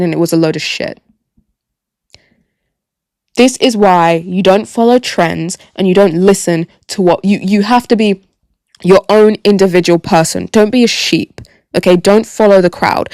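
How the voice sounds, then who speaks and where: A young woman, telling stories on her solo podcast, animated and sweary, repeating phrases for emphasis. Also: mid-range voice, no room sound, clean studio sound. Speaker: podcast host. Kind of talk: casual solo storytelling.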